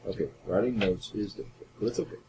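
A man joining in the chat at a tabletop game, speaking haltingly. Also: lowish voice. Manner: halting, repeats himself. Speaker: player. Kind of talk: casual chat. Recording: noisy, from a distance.

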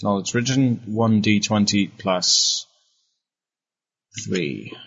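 A man playing in a tabletop game, speaking in a halting, hesitant way. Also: lowish voice, vocal fry, a bit bright, breathy edge. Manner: slow, halting, hesitant speech. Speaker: player. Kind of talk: tabletop role-play chat. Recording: muffled lo-fi audio.

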